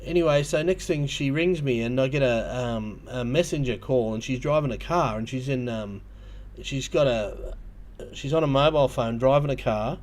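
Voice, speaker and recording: A man's voice: medium pitch, moderate pace, few pauses, darkish tone. Rambling Australian man chatting on a livestream. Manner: rambling storytelling with many ums and restarts. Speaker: livestream host. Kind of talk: casual livestream chat.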